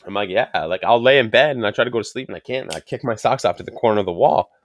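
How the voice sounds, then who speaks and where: Joking low-voiced man hosting a cigar podcast. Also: rapid-fire, no room sound. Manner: crude, joking, rambling storyteller. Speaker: podcast host. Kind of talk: casual cigar podcast chat.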